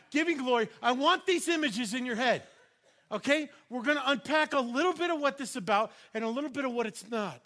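A man's voice: high voice, pushed and bright. A middle-aged man, a pastor, telling a personal story in a sermon and acting out other people's voices.

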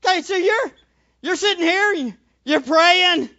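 A male preacher giving a sermon, animated, acting out little scenes and repeating phrases for emphasis. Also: very high voice, unhurried, highs cut off.

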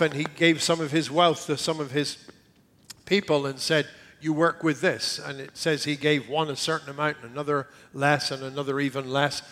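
A middle-aged man preaching a sermon earnestly, repeating key words and often dropping to a hushed near-whisper. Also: on the high side. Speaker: pastor.

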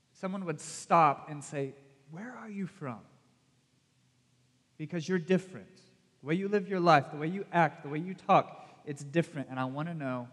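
A man with a Southern US accent giving a casual, conversational sermon as pastor. He speaks in a chatty, self-deprecating way and puts direct questions to his audience. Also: on the high side. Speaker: youth pastor. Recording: long reverb from a hall.

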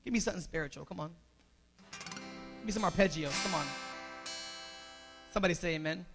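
Male pastor, very high bright voice, storytelling sermon that builds to loud preaching, faint music under it. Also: brisk, long reverb tail. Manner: shifts from quiet storytelling to loud, rising preaching.

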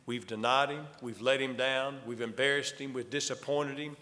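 Bright-voiced preacher in an echoing hall. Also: male voice, medium pitch, moderate pace, hardly any pauses. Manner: emphatic preaching with sharp swings between loud and hushed. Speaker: pastor. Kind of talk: sermon. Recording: long hall reverb.

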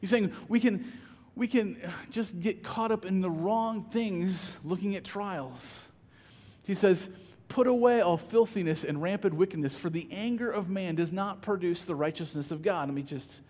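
High-voiced pastor in a reverberant hall. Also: male voice, moderate pace, a little mellow. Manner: conversational, repeats words when starting phrases. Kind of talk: sermon.

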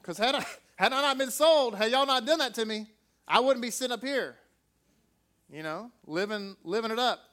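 A man's voice: very high voice, moderate pace, pushed and bright. A man preaching a sermon, emphatic and asking his listeners many rhetorical questions.

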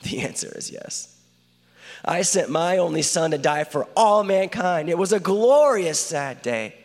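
A man voicing God as a loving fatherly creator in a spoken-word dramatic monologue, talking earnestly and intimately to one listener. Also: fairly high pitch. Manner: earnest, intimate direct address. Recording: long hall reverb.

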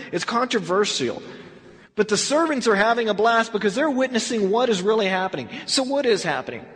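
Animated, high-voiced male Bible teacher. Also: in a large hall. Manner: animated storyteller who acts out scenes. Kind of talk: verse-by-verse sermon.

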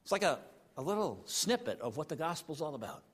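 A man preaching a sermon in an animated, conversational way, often saying "you know.". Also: a little high, a little fast, breathy edge. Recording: long hall reverb.

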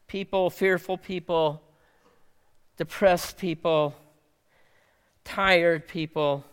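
A male pastor delivering a sermon, swinging dramatically between loud emphasis and soft near-whispers. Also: on the high side, clean tone, long reverb tail.

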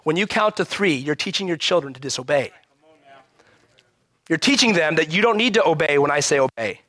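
A man preaching a sermon in an animated, conversational way, often checking in with rhetorical questions. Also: a little high, a little fast, dry recording. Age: adult parent. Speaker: pastor.

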